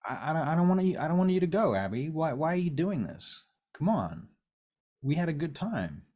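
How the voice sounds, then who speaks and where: A man's voice: a little high, sing-song, brisk, dark tone, breathy edge, pitched above the performer's own voice. A man voicing a pleading, pushy ex-boyfriend, whiny and stammering.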